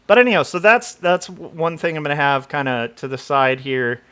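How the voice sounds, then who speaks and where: A man's voice: a little high, expressive, brisk, a bit bright, clean tone. A middle-aged man from Southern California chatting casually on a livestream, rambling with lots of fillers and laughing at himself. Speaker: comic artist streamer.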